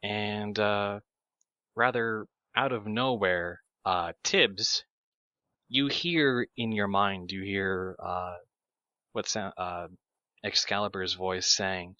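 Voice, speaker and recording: A man running a tabletop game as game master, describing scenes haltingly with many pauses and fillers. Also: on the low side, sharp tone, no room sound, lo-fi sound.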